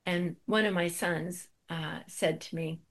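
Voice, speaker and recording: A woman's voice: fairly low pitch, steady tone, measured pace, a bit bright. A middle-aged woman giving a spiritual talk, telling a personal story with wry, self-deprecating humor.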